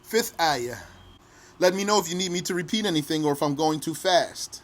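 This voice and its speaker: A man teaching pronunciation patiently, repeating each phrase slowly and sometimes chanting it. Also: high voice, a bit bright. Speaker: recitation teacher. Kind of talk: pronunciation lesson.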